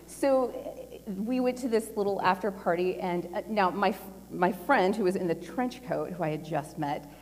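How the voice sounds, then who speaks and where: A woman's voice: medium pitch, moderate pace, few pauses. Chatty woman speaking in an echoing hall. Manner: chatty and animated, laughing often, with lots of fillers. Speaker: conference speaker. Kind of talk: casual personal storytelling talk. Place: large conference hall. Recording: long hall reverb.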